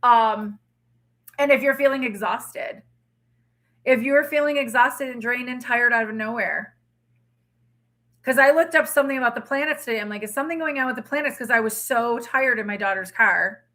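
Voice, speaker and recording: A woman's voice: fairly high pitch, normal speed, bright, forceful tone. A middle-aged woman hosting a tarot livestream, telling a story in casual, emphatic chat. She sounds tired, with a drained throat. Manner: storytelling, emphatic, candid with occasional swearing. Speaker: tarot reader livestream host.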